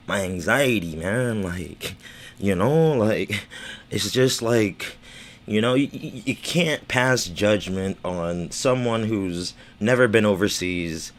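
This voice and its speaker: Casting: slurring, stuttery man with a lowish voice, loose rambling livestream chat, casual cursing. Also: slow. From United States. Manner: stammering, repeats words, swears casually. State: slurring speech. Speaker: livestream host.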